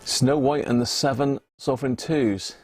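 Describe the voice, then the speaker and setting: Medium-pitched with a steady tone and a breathy edge, this man talks at a measured pace with no room sound. A southern English host restoring vintage radios offers casual live-chat commentary from his home workshop, often chuckling and calling viewers by name as he looks over old radios at his bench.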